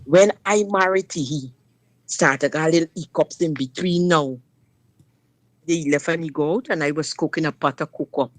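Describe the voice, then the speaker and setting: On a talk show, a guest shares a personal story in a low-pitched voice at normal speed. She tells it emphatically in dialect, repeatedly addressing the listener, and the recording is dry.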